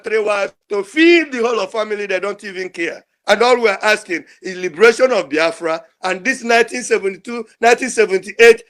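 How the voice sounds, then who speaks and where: A man's voice: very high voice, a bit bright. An older man, calling in to a show and speaking in an emotional, pleading, repetitive way. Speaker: caller. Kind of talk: impassioned call-in speech.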